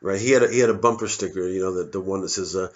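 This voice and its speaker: A man's voice: low voice, very fast, lo-fi sound. A male comedian giving a digressive, self-interrupting, profane stand-up monologue.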